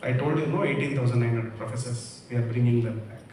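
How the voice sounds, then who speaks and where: A man in his forties with an Indian English accent, giving an energetic, emphatic motivational talk on stage and slipping into quick Tamil asides. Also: mid-range voice, a little hiss or hum. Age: 40s. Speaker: invited speaker. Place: large echoey hall. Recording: echoey hall from far off.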